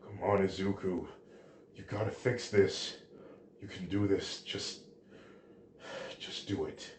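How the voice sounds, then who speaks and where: A man voicing a desperate, determined teenage boy hero who shouts and strains. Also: sits low, fairly even intonation, takes it slowly, slight background noise. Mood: quiet, straining. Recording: roomy echo.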